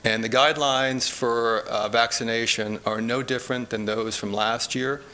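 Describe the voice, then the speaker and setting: A man, a public health officer, giving a steady, explanatory report to a board meeting. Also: mid-range voice, moderate pace. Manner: steady, explanatory, repeats "again". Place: meeting room.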